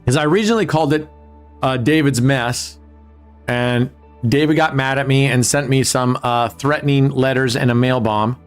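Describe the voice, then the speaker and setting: Joking, profane man, live casino-stream host, low music under him. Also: fairly even intonation, normal speed, clear, resonant tone. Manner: joking, profane, talks to chat viewers. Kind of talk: casual live-stream chat. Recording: faint music behind.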